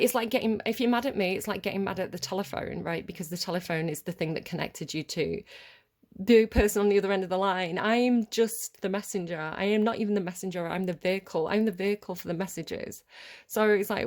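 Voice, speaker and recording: A woman's voice: mid-range voice, quick pace, darkish tone. A woman giving a rambling, chatty tarot reading straight to camera, swearing freely as she goes. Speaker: tarot reader. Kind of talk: casual tarot reading monologue.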